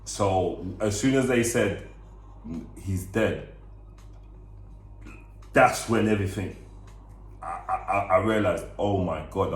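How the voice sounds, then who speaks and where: Deep-voiced young man telling a personal story. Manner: earnest, halting retelling with restarts and repeats. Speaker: vlog co-host. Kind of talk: storytime vlog. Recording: echoey room.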